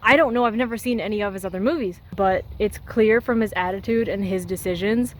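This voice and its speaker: A woman's voice: mid-range voice, a little fast, a little hiss or hum, low-quality recording. A young woman giving casual critical commentary, ranting with exasperated sarcasm. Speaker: video essayist.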